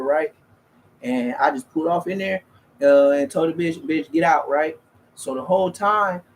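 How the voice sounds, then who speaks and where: A man's voice: fairly high pitch, a little hiss or hum. A man, telling rambling, slangy, profane stories as a streamer in casual chat. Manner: profane, slangy, loose and restarting.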